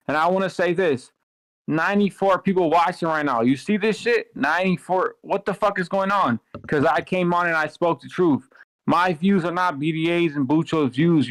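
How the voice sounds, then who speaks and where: A man ranting in an angry, profane tirade, his voice sitting fairly high. The sound is dry and close. He fires off insults as he talks. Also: fairly bright tone, dry recording, rough recording. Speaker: caller on open-lines podcast. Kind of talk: heated profane rant.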